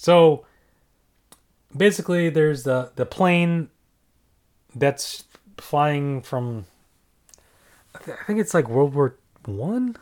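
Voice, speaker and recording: A man's voice: a little high, lively intonation, takes it slowly, pauses often, darkish tone. A man casually reviewing movies in a rambling, offhand way, full of fillers and restarts. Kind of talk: casual movie ranking talk.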